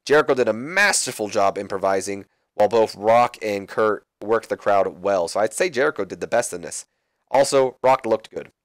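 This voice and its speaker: A man's voice: lowish voice, moderate pace, no room sound. A man giving casual, rambling commentary on a wrestling management game. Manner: rambling, offhand.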